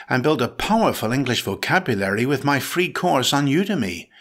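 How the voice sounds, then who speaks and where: A man reading a scripted vocabulary lesson, with clear and measured delivery. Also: medium pitch, big pitch swings, a bit bright. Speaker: vocabulary teacher. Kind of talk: scripted dictionary narration.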